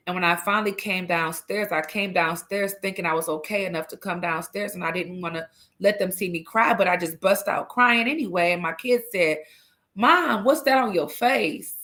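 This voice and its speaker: Earnest low-voiced middle-aged woman storyteller. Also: sharp tone. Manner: earnest, emphatic, frank. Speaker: livestream host. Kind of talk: candid personal storytelling.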